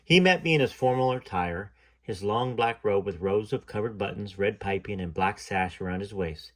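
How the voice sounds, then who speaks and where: A man's voice: on the low side, moderate pace. A man reading a first-person memoir aloud, with casual wry asides. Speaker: reader of a memoir.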